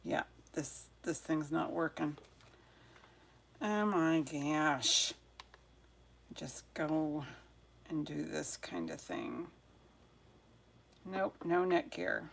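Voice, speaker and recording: This jewelry livestream host, flustered and chatty, mutters to herself as she fights her devices and then greets viewers one by one. Her low-pitched voice is gravelly yet expressive, extremely slow, with long pauses.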